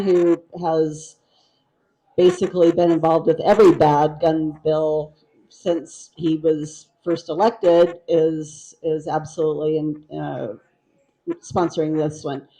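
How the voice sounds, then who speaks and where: Female panelist, low and warm, halting delivery. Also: fairly even intonation, low-quality recording. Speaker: state official panelist. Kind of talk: panel talk.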